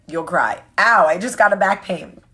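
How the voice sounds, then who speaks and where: A woman's voice: on the low side, normal speed, background noise. A woman in her forties hosting a casual live chat with viewers, joking candidly and answering their comments. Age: 40s. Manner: candid, joking and chatty, reading comments aloud. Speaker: vlog host.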